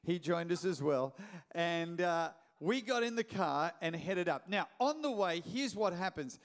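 A middle-aged Australian pastor with a fairly high voice tells a story from the pulpit. He jokes along the way and often restarts his sentences as he preaches. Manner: lively, joking, with quick restarts. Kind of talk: sermon storytelling.

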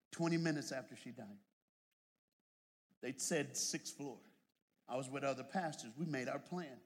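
A man preaching a sermon, building from plain storytelling into shouted, drawn-out fervor, with humorous asides. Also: mid-range voice. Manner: humorous storytelling with put-on voices. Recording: long hall reverb.

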